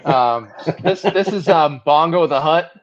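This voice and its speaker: A man explaining his toy scenes on a casual online call, halting, with many restarts and fillers. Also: a little high, dull audio. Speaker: guest showing his toy diorama.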